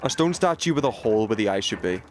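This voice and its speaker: Lowish-voiced British man swearing while streaming. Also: fast talker, slight background noise. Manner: chatty, swears freely, sudden excited outbursts. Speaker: livestreamer. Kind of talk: casual gameplay livestream commentary.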